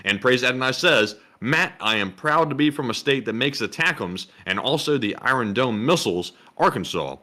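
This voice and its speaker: A man with a Southern US accent co-hosting a casual livestream, reading donations aloud and making relaxed, dry jokes. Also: medium pitch, normal speed, hardly any pauses.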